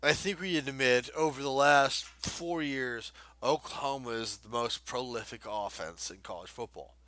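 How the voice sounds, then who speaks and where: A young man co-hosting a casual sports podcast, excitable and rambling, with lots of fillers. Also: mid-range voice, moderate pace. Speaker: podcast co-host.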